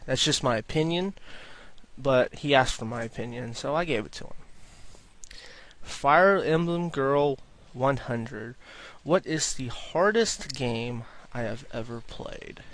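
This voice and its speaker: A man's voice: mid-range voice, fairly bright tone. A young man answering viewer questions in a casual, rambling video, often repeating himself and restarting sentences.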